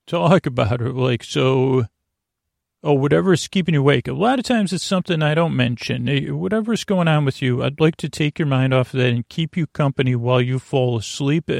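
A man hosting a sleep podcast, talking in a creaky voice and wandering off on tangents in a meandering bedtime ramble. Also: mid-range voice, brisk, a little mellow, no echo, studio quality.

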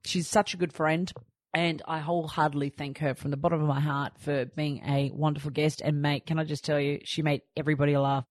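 Chatty Australian woman, low dry voice. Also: little pitch movement, fairly quick, darkish tone, no room sound. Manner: chatty storytelling, acting out her own lines. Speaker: podcast host. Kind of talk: casual chat.

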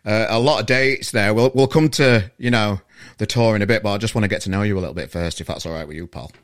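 A man's voice: lowish voice, quick pace, no echo, clean studio sound. A man with a Sheffield accent, hosting a casual podcast interview over a video call from his bedroom, chatty and matey with frequent stumbles and restarts. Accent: Northern English, Sheffield. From Sheffield, England. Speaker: podcast host. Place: bedroom at home. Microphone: online video call.

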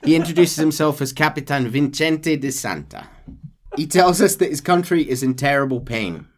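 A man's voice: fairly high pitch, lively intonation, moderate pace. A man hosting a podcast, casually retelling a game's story and chuckling along the way. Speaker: podcast host.

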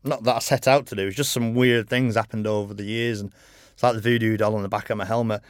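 Fairly low-pitched and steady in tone, the middle-aged racer talks fast as a guest in an easygoing podcast chat. He tells meandering anecdotes full of "you know" and blunt swearing. No echo; the sound is dry and close.

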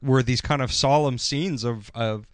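A man's voice: medium pitch, a little slow, dry recording. A man from Canada recapping a TV episode in casual comedic podcast chat, rambling with lots of fillers and laughter. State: tired.

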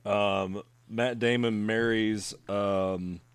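A man's voice: lowish voice, fairly even intonation, very slow, clean tone, dry recording. A man chatting casually about movies, rambling with lots of fillers and swearing.

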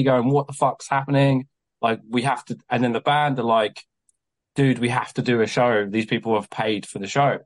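A man in his twenties or thirties tells a chaotic story on a podcast, with a voice of ordinary pitch. He jumps into quoted exchanges with plenty of swearing and a lively, animated delivery. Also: low-quality recording. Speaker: guest, venue promoter.

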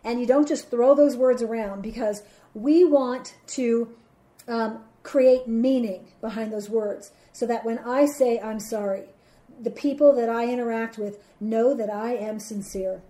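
A woman hosting a solo podcast, talking earnestly with many pauses, fillers and restarts. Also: on the high side, dark tone. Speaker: podcast host. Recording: roomy echoey sound.

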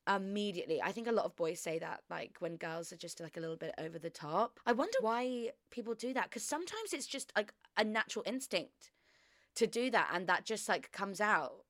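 A young woman hosts a solo podcast chat in a frank, chatty way, laughing and swearing freely. Her voice sits at an everyday middle pitch. It is recorded close and dry, with no room sound. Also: expressive, brisk, fairly bright tone, dry recording. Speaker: podcast host.

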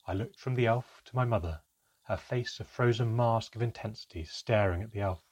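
A man reads a fantasy story aloud in steady first-person narration. His voice sits low and carries a husky grain. The delivery is calm and even throughout. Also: moderate pace. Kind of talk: storybook reading.

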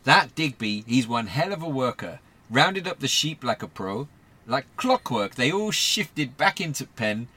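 A man voicing a rough-spoken, easygoing male shepherd with an attempted northern English accent in a comedy podcast sketch. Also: medium pitch, sing-song, unhurried, sharp tone, exaggerated voice.

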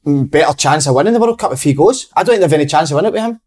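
A man on a football podcast, cheekily pitching bold opinions. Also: animated, racing, darkish tone. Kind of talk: casual football chat.

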